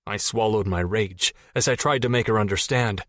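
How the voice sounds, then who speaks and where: A man narrating a fantasy audiobook in the first person, steady and measured. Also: fairly low pitch, no room sound, studio quality.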